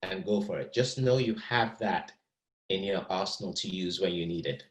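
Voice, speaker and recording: Animated man coaching actors. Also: low voice, normal speed, low-quality recording. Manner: animated, encouraging, repeats words while thinking. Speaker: acting teacher. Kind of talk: masterclass coaching.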